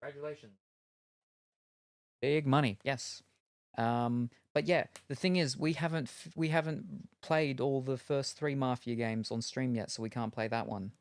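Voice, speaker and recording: A man's voice: medium pitch, normal speed, no echo, studio quality. A man streaming games, chatting casually in a rambling, self-deprecating way with lots of ums. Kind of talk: casual chat while gaming.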